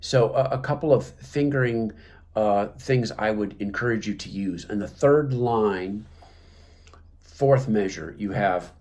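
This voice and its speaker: A man's voice: lowish voice, unhurried, darkish tone. A man teaching clarinet technique, talking through the music with many fillers and restarts. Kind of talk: instructional talk.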